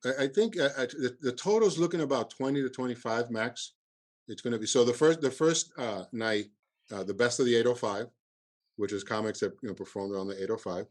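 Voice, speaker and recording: Halting man with a Cuban accent. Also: medium pitch. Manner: halting, repeats words, many fillers. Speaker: comedy festival producer. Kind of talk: casual podcast interview.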